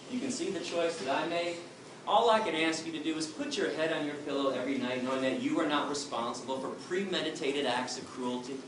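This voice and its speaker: A middle-aged man giving an impassioned, emphatic talk to a crowd, telling his story. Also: medium pitch. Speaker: activist speaker. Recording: distant echoey room with noise.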